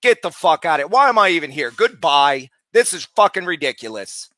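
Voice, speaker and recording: Male streamer, high bright voice, brash and foul-mouthed, dry close mic. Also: big pitch swings, brisk, no echo. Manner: loud, profane, berating. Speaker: live streamer. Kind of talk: casual live stream chat.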